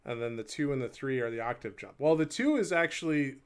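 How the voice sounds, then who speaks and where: Streaming his practice session live, this man speaks in a smooth, medium-pitched voice with lively intonation and a brisk pace. He rambles in a casual, self-deprecating way, laughs a lot, and counts beats out loud while playing for his viewers. A faint hurdy-gurdy drone hums in the background.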